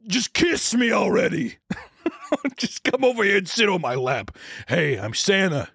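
A man's voice: high voice, big pitch swings, a little slow, vocal fry, fairly bright tone, breathy edge, no room sound, clean studio sound, voice pushed up, heavily acted. A man putting on a leering male movie star who flirts crudely, in an over-the-top voice.

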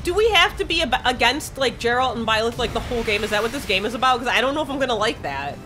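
Woman let's-play host, lively swooping pitch, foul-mouthed and easily panicked. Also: fast talker, a little hiss or hum. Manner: excitable, swears a lot, shrieks when panicked. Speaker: gaming streamer.

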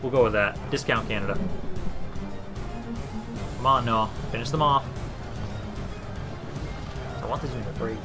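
A young man from Minnesota live-streaming a strategy game, chatting casually with viewers and cursing now and then. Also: mid-range voice. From Minnesota, USA. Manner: chatty and laid-back, swears casually, talks to chat and units. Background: game battle music.

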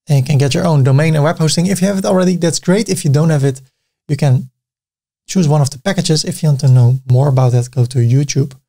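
A man with a Dutch accent, whose native language is Dutch, guides viewers through a screen-recorded software tutorial, narrating each click with casual remarks. His voice is gravelly and on the higher side.

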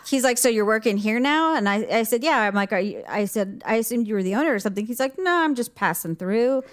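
A woman's voice: on the high side, quick pace. A woman co-hosting a podcast, telling a story in casual chat and acting out the quotes with lots of laughter. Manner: animated storyteller, acts out quotes, laughs often. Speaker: podcast co-host.

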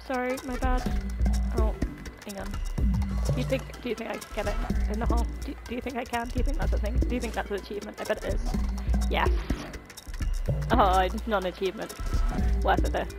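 A woman's voice: mid-range voice, steady tone, fairly quick, long pauses, rough recording. A woman giving casual, chatty let's play commentary, thinking aloud as she plays and reading out game text. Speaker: gaming video creator. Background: loud game music.

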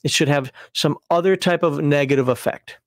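A middle-aged man with a slightly high voice tells a lively personal story to explain a game rule. He laughs at himself as he talks and keeps restarting his sentences. The recording is dry and close, with no room sound. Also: moderate pace, dry recording. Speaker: host explaining game rules.

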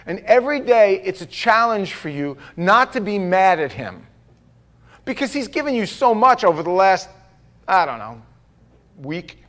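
A man's voice: high-pitched, sing-song, a little slow, a bit bright. A man pastor preaching a conversational, jokey sermon, acting out the people he quotes.

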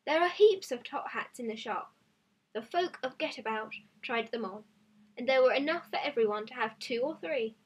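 A woman's voice: a little high, animated, normal speed, breathy edge. A woman voicing a storybook villager in a plain, matter-of-fact way. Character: storybook character Bong, a villager.

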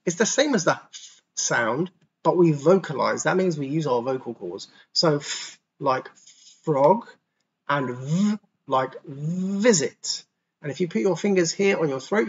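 A man teaching English to young children online, explaining words patiently and sounding them out slowly and clearly. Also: a little high, muffled recording. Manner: patient, slow, over-articulated pronunciation demos. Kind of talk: online class for kids.

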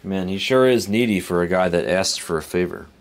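A man's voice: low voice, fairly quick. A man casually chatting on a live stream while opening cards, rambling and chuckling as he reads names aloud. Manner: rambling, laid-back, chuckles between remarks, reads card names aloud. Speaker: card break host.

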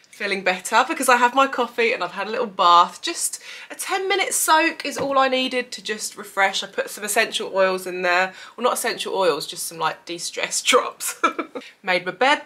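A woman's voice: mid-range voice, pushed and bright. A young British woman chatting candidly to camera at home, emotional and a little tearful. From United Kingdom. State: tearful, runny nose. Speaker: beauty vlogger. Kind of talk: casual chat to camera. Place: at home, indoors.

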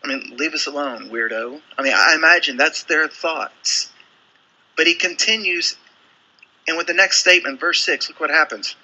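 A man's voice: a little high, moderate pace, bright, forceful tone, poor audio. A man preaching a sermon, telling a Bible story and acting out the quoted lines. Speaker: pastor.

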